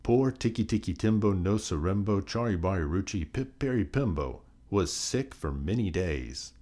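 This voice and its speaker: A man reading a children's folk tale aloud in a sing-song, expressive storyteller's manner. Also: low voice, normal speed.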